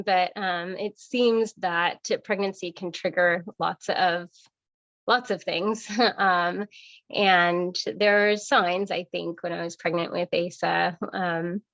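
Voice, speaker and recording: A woman's voice: medium pitch, a bit bright, no room sound, lo-fi sound. A middle-aged woman from Washington state, telling her life story as an interview guest, chatty and laughing often between fillers.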